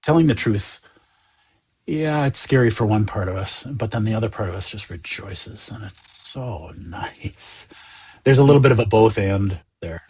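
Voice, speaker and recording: A man from the United States, a Zen teacher talking as a guest in a gentle, earnest, reflective way. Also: fairly low pitch, normal speed, breathy edge. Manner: earnest, gentle, animated, often voicing inner thoughts. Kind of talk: reflective conversation.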